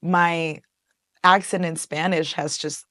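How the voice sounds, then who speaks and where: A woman's voice: fairly low pitch, fairly even intonation, takes it slowly, fairly bright tone, no echo, studio quality. A woman in her twenties from Colombia, a guest in a casual interview, who talks animatedly, laughs often and switches between English and Spanish.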